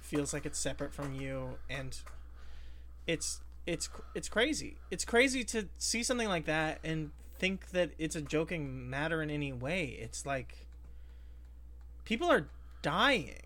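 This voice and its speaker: Male podcast co-host, blunt and disbelieving, bright tone. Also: a little high, big pitch swings, a little slow. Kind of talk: casual chat.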